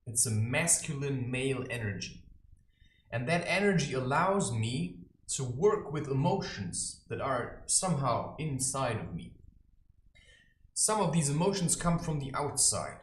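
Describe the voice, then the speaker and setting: A man holds forth in a preachy, mocking monologue, with a tone that swings widely and theatrically. He talks to camera from his own room. The room adds a clear echo to his voice. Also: medium pitch, big pitch swings, unhurried. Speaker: self-styled spiritual advisor. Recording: roomy echo.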